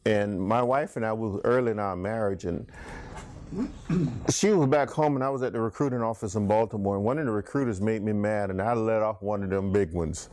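A man's voice: fairly low pitch, brisk, a little mellow, no echo. A middle-aged man preaching an interactive Bible study, telling stories and chatting back and forth with his congregation.

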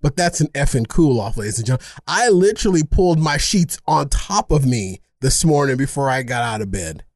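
A man co-hosting a podcast, telling a rambling, self-mocking story in casual chat, animated and funny. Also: medium pitch, a little fast, hardly any pauses, no echo, clean studio sound. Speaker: podcast co-host.

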